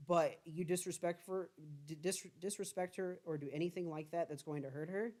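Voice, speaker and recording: A young man with a slightly higher voice than most men, chatting on a casual podcast. He speaks earnestly and protectively, often restarting his sentences as he works through his thoughts. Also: steady tone, a little fast, hardly any pauses, a little mellow. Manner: earnest and protective, repeats himself while thinking aloud. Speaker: podcast co-host.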